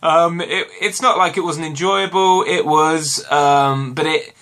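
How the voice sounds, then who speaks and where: A man's voice: on the high side, fairly even intonation, unhurried, bright, forceful tone. A British man reviewing a TV episode in a casual vlog at home, rambling and correcting himself with lots of ums and uhs. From Britain. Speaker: vlogger. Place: home room with washing hung behind.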